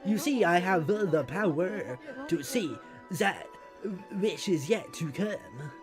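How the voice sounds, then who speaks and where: Woman doing a pompous male prophet in a mangled mock-French accent; slow, theatrical. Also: on the low side, expressive, music in the background. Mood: hammy prophetic. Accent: mangled fake French. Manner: slow, drawn-out theatrical delivery.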